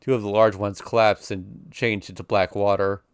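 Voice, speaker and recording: A man's voice: fairly low pitch, little pitch movement, normal speed, smooth, no room sound, clean studio sound. A man streaming, reading a visual novel aloud in an intense, emotional first-person narration.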